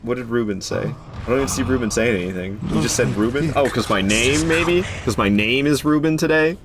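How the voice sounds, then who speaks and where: A man's voice: mid-range voice, brisk, background noise. Chatty man streaming a game. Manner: chatty, joking, self-deprecating. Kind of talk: casual gaming commentary. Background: game music.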